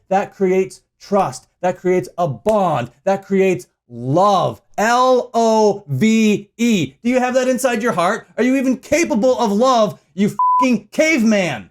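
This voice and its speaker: A man hosting a commentary video, delivering a heated, profane rant full of shouted insults. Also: sits high. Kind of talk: angry reaction rant.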